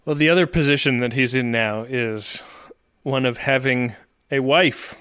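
Bright, smooth-voiced podcast man. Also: mid-range voice, unhurried, dry recording, studio quality. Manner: wry and jokey, narrating scenes. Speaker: podcast co-host. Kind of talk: casual podcast chat.

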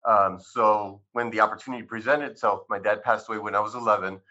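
A man's voice: lowish voice, fairly even intonation, fast talker, bright, forceful tone. A man in his sixties, a chiropractor being interviewed, tells his life story in a rambling, conversational way with many fillers and re-enacted quotes. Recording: slightly muffled recording.

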